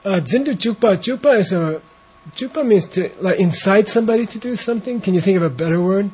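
A man leading a translation class, talking slowly and relaxed while he coaches pronunciation. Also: high-pitched, slightly rough. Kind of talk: informal class talk with chanted reading. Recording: dull lo-fi classroom recording.

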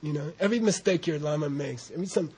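An American man giving an informal Buddhist teaching, rambling and animated, often laughing and saying "you know". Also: a little high, fast talker, breathy edge. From United States. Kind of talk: informal dharma talk.

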